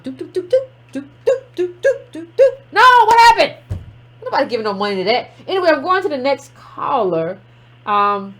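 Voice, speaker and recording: Animated high-voiced woman hosting call-in. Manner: sassy, animated, emphatic. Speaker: call-in show host. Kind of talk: call-in show commentary.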